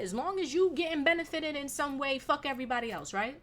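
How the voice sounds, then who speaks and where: Young woman, podcast host, profane venting, bright sharp voice. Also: high voice, quick pace. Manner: animated, profane, venting, with sudden loud bursts. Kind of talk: casual solo podcast rant.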